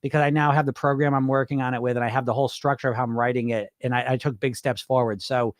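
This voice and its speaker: A man's voice: medium pitch, steady tone, fast, no room sound, clean studio sound. A middle-aged man coaching on weight loss in a loose, rambling live-stream chat, swearing casually and restarting his sentences.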